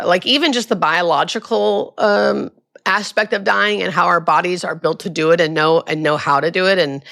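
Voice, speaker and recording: A middle-aged woman, a hospice nurse, talking casually in an interview and acting out the people in her stories. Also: vocal fry. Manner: animated, acts out quoted voices with high pitch jumps. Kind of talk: conversational storytelling interview.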